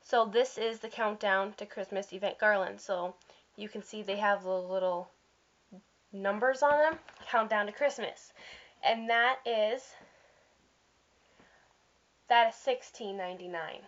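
A vlogger with a medium-pitched voice speaks a little slowly and pauses often, recorded with dull lo-fi sound. She casually walks through a catalog of holiday items, chatty and gushing, with fillers and small slips.

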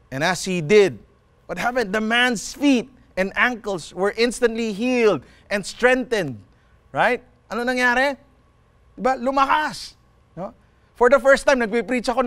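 A middle-aged man with a Filipino accent, preaching a sermon with fervent exhortations and quick switches between languages. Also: sits high, fairly bright tone, no room sound. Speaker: pastor. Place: empty mall venue.

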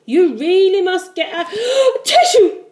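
Shrill excitable doctor, read by a woman for a storybook; much higher and louder than her own voice. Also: normal speed. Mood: excited. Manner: excitable, exclaiming.

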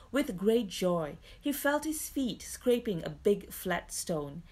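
A woman storyteller reading a children's book aloud in an expressive, lively way. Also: lowish voice.

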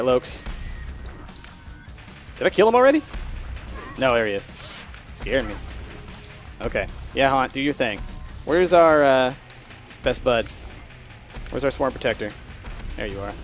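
Commenting live over his own gameplay, a man with a medium-pitched voice keeps up a chatty stream of talk. He swears readily, going from hushed concentration to loud frustration.

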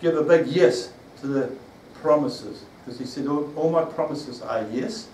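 A man's voice: on the high side, normal speed, a little mellow, a little hiss or hum. A man preaching a sermon, rambling with restarts and asking the congregation questions. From New Zealand. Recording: echoey room, from far off.

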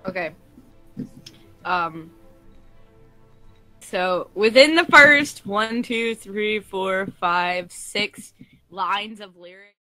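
A woman's voice: medium pitch, drawn-out words, pauses often, sharp tone, no echo, faint music behind, rough recording. A woman chatting casually while gaming, trading crude, swear-filled banter. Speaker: co-host of a gaming video.

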